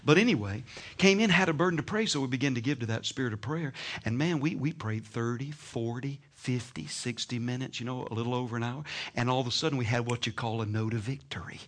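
A man preaching a sermon, telling stories with bursts of laughter and shouting. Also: mid-range voice, fast talker. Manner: animated storytelling, laughing and shouting. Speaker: pastor.

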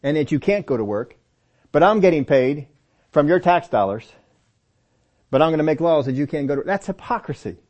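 Guy teaching a bible lesson, kinda high voice, keeps repeating stuff to hammer it home. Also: expressive, fairly quick, long pauses, darkish tone, dull audio. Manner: emphatic, repeats phrases for stress; talks directly to listeners, sometimes by name.

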